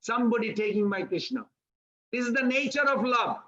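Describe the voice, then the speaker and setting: A man giving a devotional sermon, telling a story in an animated way and acting out its characters. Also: extremely high pitch, a little fast, lo-fi sound. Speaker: preacher.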